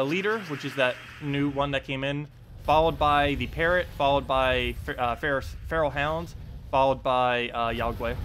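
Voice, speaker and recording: A man's voice: medium pitch, sharp tone, slight background noise. A young man streaming a video game, chatty and self-deprecating, laughing often. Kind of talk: casual live-stream commentary.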